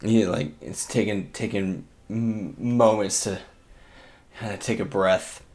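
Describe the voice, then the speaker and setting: Animated young man running a tabletop game. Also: lowish voice, slow. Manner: animated, laughs often. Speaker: game master.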